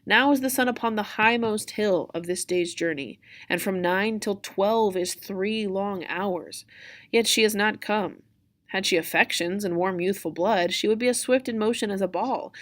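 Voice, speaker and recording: A woman reading a play aloud in class, voicing a young teenage girl who is impatient and lovesick, in a higher, louder and pleading delivery. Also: natural voice.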